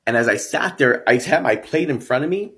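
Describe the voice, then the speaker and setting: A man's voice: mid-range voice, animated, a little fast, a bit bright. A man, a guest in an interview, telling his own story earnestly and reflectively, often repeating words as he builds up. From San Antonio, Texas.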